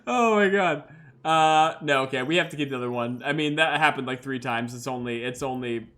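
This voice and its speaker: A man's voice: medium pitch, fairly even intonation, a little fast, a bit bright. A man narrating a solo tabletop role-playing game as host and game master. He talks loose and chatty, full of fillers, and laughs easily at his own dice rolls.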